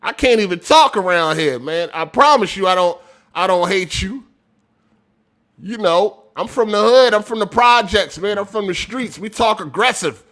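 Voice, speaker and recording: His voice sits high and moves at normal speed as he runs a laid-back gaming podcast livestream. Reading super chats from viewers out loud, this host gets loud and animated, laughing a lot and using street slang.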